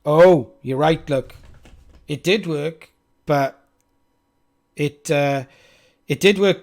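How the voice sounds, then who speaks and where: A man with a Welsh accent thinks aloud as he codes on a live stream, chatting with viewers and poking fun at himself. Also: a little high. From Wales. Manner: chatty, self-mocking, talks to chat.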